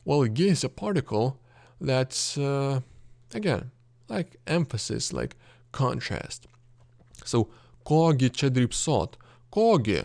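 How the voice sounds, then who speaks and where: A man with a Lithuanian accent teaching a language lesson, explaining grammar patiently with many fillers and throat clearing. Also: mid-range voice, animated, slow, a little mellow, no echo.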